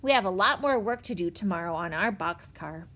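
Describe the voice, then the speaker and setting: A woman's voice: fairly low pitch, expressive, brisk, sharp tone. A woman voicing a sensible, honest older girl who speaks firmly and politely in a storybook reading. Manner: firm and polite.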